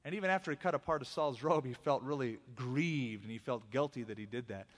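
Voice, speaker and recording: A man preaching a sermon, telling the story in an animated, conversational way. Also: medium pitch, fairly quick. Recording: long hall reverb.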